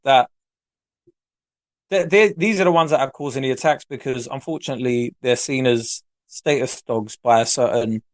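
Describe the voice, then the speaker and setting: A man's voice: mid-range voice, fairly quick, no echo, clean studio sound. A man co-hosting a podcast, telling stories in casual, slangy, emphatic talk. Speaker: podcast co-host. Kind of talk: casual chat.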